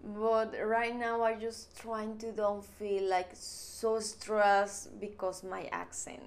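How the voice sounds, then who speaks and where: A woman's voice: medium pitch, little pitch movement, slow pace. A woman from Mexico with a Mexican accent, a native Spanish speaker, talking earnestly to camera in a personal vlog and searching for words in English.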